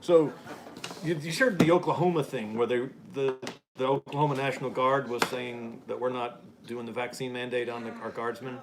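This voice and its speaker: A man's voice: mid-range voice, fairly even intonation, normal speed, noisy background. An American man hosting a casual live-stream chat, reading viewer comments aloud and laughing often. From United States. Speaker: podcast host.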